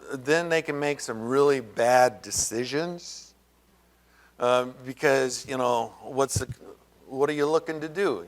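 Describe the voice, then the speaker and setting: A man preaching a sermon as pastor, conversational and rambling, full of fillers and asides, and raising his pitch to act out quoted voices. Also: a bit bright.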